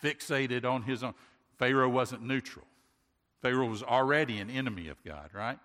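A man's voice: mid-range voice, normal speed, a bit bright. A pastor giving a sermon in an earnest way, asking rhetorical questions and often restarting his sentences. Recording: long hall reverb.

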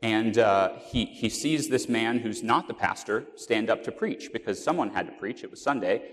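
A man's voice: lowish voice, expressive, moderate pace. A man preaching a sermon, telling a story earnestly with fillers and restarts. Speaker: pastor. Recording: long hall reverb.

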